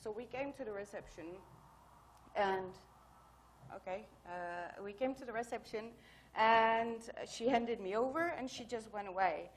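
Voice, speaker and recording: A woman's voice: fairly high pitch, a little slow, slight background noise. Chatty woman giving a conference talk. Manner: chatty, storytelling with many fillers. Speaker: conference speaker. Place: conference hall.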